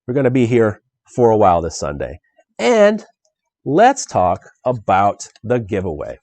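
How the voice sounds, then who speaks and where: A man hosting a live solo board game playthrough, animated and excitable, talking straight to his viewers. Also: lowish voice, a little slow, dry recording. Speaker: board game show host.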